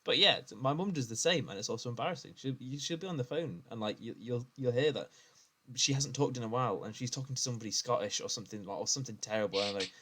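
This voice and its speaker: With a mid-range, slightly breathy voice and a fast delivery, this UK man co-hosts a podcast, spinning animated stories and laughing often throughout the relaxed conversation.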